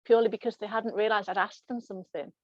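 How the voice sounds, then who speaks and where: A woman's voice: mid-range voice, steady tone, quick pace, no echo, dull audio. A woman hosting an online panel on aviation English who moderates the talk and encourages the speakers. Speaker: host and aviation English trainer.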